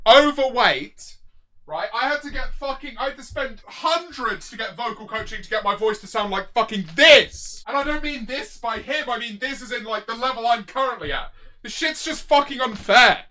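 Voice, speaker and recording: A man's voice: extremely high pitch, moderate pace, pushed and bright. A British man in his twenties, livestreaming and reacting to viewer songs with sweary, mock-outraged banter. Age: 20s. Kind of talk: live stream chat.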